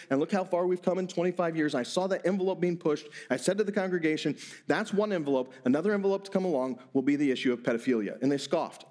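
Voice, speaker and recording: Middle-aged male pastor, sermon delivery, fairly high voice with lively swings, restarts words in bursts. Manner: animated preaching with quick bursts and repeated words.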